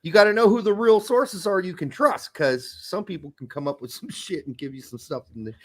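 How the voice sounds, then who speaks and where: A man's voice: high voice, lively intonation, fairly quick. A man co-hosting a soccer podcast in casual chat, blunt and profane. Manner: blunt, profane, jumps into mock voices. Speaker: podcast co-host.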